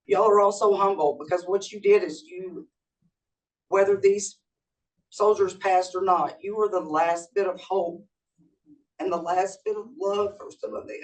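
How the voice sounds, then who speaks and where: A woman giving heartfelt, measured thanks as a guest speaker. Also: mid-range voice, fairly even intonation. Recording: distant mic.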